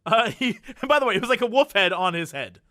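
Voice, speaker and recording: A man's voice: sits high, quick pace, no room sound, studio quality. A man co-hosting a podcast, telling stories in casual chat with frequent laughter. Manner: animated storytelling, laughs often. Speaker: podcast co-host.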